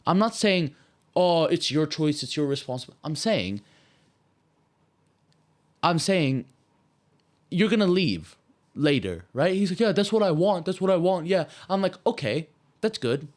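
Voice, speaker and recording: Young Maltese man ranting, lively pitch. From Malta. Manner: heated, swearing, fast rambling rant. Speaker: podcast co-host. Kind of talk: casual chat.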